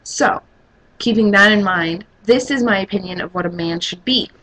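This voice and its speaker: A woman's voice: moderate pace, fairly bright tone, rough recording. Blunt eighteen-year-old woman from Texas. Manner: blunt, opinionated, pitch jumps high when exasperated. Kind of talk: casual opinion vlog.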